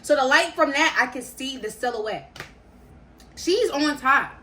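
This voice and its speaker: A young woman telling a story to her viewers in casual slang, animated and repeating phrases for emphasis. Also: high-pitched, unhurried, slight background noise. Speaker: storytime vlogger.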